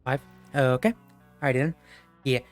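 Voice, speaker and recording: A man's voice: medium pitch, normal speed, faint music behind. A young man narrating a tabletop game as game master, rambling with many fillers.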